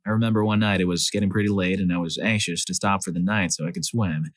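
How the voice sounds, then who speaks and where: A man narrating a series of reader-submitted stories as a scripted storyteller, lively when he voices the quoted lines. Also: low voice, quick pace, no room sound.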